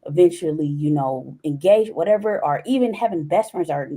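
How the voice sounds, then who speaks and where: A woman's voice: low-pitched, animated, normal speed, mellow. A woman speaking as a podcast guest in a casual, open interview, acting out past conversations as she talks. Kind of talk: casual candid interview talk.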